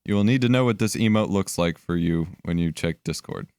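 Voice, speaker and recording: A man's voice: low-pitched, brisk, a little mellow, clean tone, no room sound, clean studio sound. A young man chatting casually while editing on a live stream, thinking aloud and swearing now and then. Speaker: livestreamer editing video.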